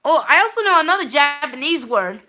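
A bright, sharp-toned woman streaming a game live and chatting to her viewers. Her voice sits fairly high. She rambles on, repeats words and trips over herself with many restarts and fillers. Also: big pitch swings, a little fast. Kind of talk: live gameplay streaming chat.

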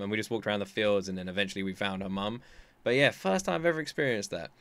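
Chatty man, bright close voice. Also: lowish voice, quick pace, dry recording. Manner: rambling, chatty storytelling with many restarts. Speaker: anime reaction streamer. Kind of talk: casual chat.

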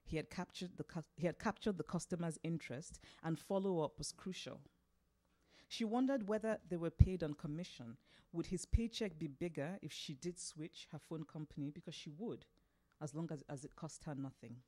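A woman novelist reading her own fiction aloud, unhurried and expressive. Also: low voice. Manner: unhurried, expressive, laughs at slips.

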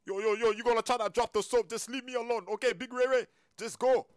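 A man's voice: extremely high pitch, steady tone, fast, no echo, studio quality. A gaming YouTuber, a man chatting in a jumpy, panicky way full of "yo" while role-playing through gameplay. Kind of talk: excited role-play gameplay chat.

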